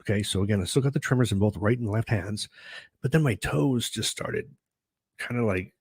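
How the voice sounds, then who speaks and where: A man's voice: lowish voice, a little fast, husky, no echo. A middle-aged man hosting his own video, telling a personal story in a rambling, chatty way full of fillers and restarts. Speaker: host.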